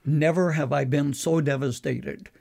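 An older man, a preacher, earnestly recounting a personal story in a measured way. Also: on the high side, steady tone, creaky, darkish tone, husky.

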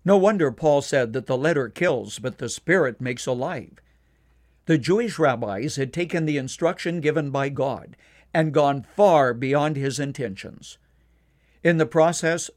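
A man delivering a scripted devotional radio commentary in a measured, earnest way, slowing down to stress key points. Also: fairly high pitch. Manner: measured, earnest, slows down for emphasis.

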